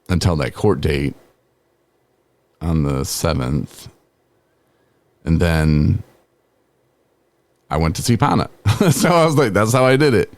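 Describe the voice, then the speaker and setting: There's no echo on this deep, darkish voice belonging to a podcast host in his forties. He tells a personal story in a relaxed, chatty way, laughing often and leaning on "man" and "you know."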